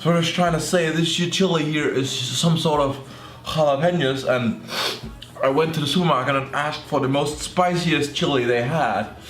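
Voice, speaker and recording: A young man giving casual reaction commentary as a YouTuber, joking and sarcastic with excitable outbursts. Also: a little high, normal speed. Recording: echoey room with faint music.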